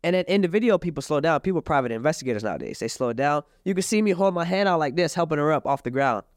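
Fast-talking young man telling a story. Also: dry recording, clean studio sound. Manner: animated, acts out the other side's lines in a high voice; profane street slang, fillers like "da, da, da". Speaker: boxer and podcast guest. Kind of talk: casual storytelling chat.

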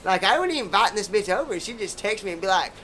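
A man's voice: high voice, animated, very fast, pushed and bright, slight background noise. A man, hosting a podcast and telling rambling, profane stories in casual chat. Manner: profane, rambling, laid-back drawl.

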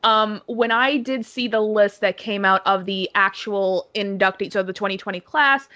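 Woman cohost ranting about music, emphatic, swears a lot, middle pitch. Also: normal speed, sharp tone. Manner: opinionated, emphatic, swears freely. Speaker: podcast co-host. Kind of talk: casual chat.

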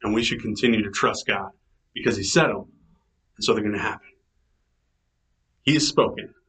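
A man giving a casual, chatty devotional talk as a pastor, enthusiastic and animated, acting out quotes as he goes. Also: lowish voice, fast talker, poor audio. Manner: chatty, enthusiastic, self-described nerd; animated quoting in character voices.

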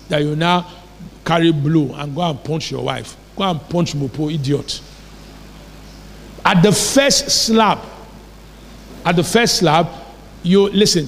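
Pastor preaching, keeps asking the crowd questions, high voice, big echo from the church hall. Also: male voice, a little hiss or hum. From Nigeria. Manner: emphatic preaching, rhetorical questions to the congregation. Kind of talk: sermon. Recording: long reverb of a church hall.

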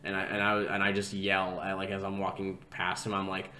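Rambling young man, lowish voice. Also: monotone, fairly quick, hardly any pauses, bright, forceful tone. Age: young adult. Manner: rambling storyteller, filler-heavy with constant "like". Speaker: podcast co-host. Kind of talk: casual chat.

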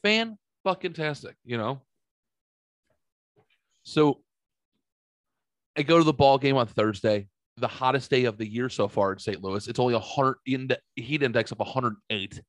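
A man's voice: medium pitch, normal speed, long pauses, dry recording. 40s guy telling a story on a podcast, does all the voices, swears a lot, dry close mic. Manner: animated storyteller, acts out quotes, swears freely. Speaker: podcast co-host. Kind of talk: casual storytelling chat.

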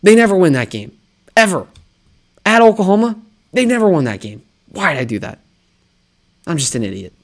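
A man's voice: high-pitched, very animated, brisk, pauses often. A man hosting a solo sports talk show, riffing and mocking himself with lots of rhetorical questions. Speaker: sports podcast host.

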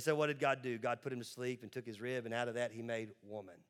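A pastor gives an emphatic sermon to a church congregation, his mid-range voice clear and resonant. He moves back and forth between quick asides and slowly stretched words.

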